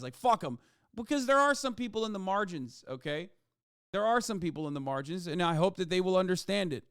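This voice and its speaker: A man's voice: high-pitched, lively intonation, fast talker, a bit bright, clear, resonant tone, dry recording, clean studio sound. Heated, profane male streamer. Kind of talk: livestream commentary.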